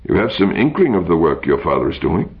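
A man's voice: deep voice, very animated, fairly quick. A man reading aloud, voicing a cool, refined male dandy who speaks in a precise, insistent way. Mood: urgent. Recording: dull lo-fi recording.

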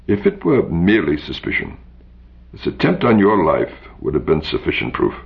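A man's voice: low voice, huge pitch swings, moderate pace, creaky, exaggerated voice. A man reading aloud, voicing a cool, refined male dandy who speaks in a precise, insistent way. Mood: urgent. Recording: dull lo-fi recording.

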